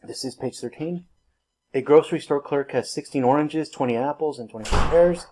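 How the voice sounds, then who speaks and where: A man's voice: a little high, brisk, noisy background. A man teaching a recorded math lesson, talking through each step in a casual, self-teasing way. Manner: casual, self-deprecating, laughs at himself; talks through work step by step.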